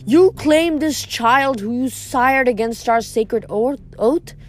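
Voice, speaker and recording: A woman's voice: fairly high pitch, takes it slowly. Woman reader doing a menacing, grumbling male god-king for an audiobook. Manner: grumbling, threatening.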